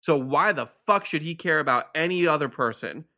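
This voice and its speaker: A man's voice: a little high, expressive, moderate pace, pushed and bright. A man co-hosting a casual movie review chat, blunt and swearing.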